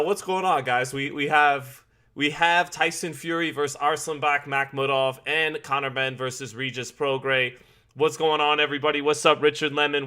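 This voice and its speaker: Male stream host, chatty, greets chat by name, bright and forceful voice, slightly high. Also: clear, resonant tone. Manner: chatty, greets viewers by name, repeats phrases. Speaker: boxing live-stream host. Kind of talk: live-stream commentary with chat shout-outs. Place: home basement.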